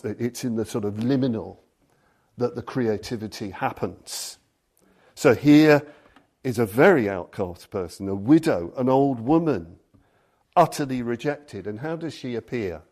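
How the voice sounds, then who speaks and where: Slow, storytelling Buddhist teacher, male. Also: mid-range voice, a little mellow. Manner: storytelling, reads passages aloud. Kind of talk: dharma talk.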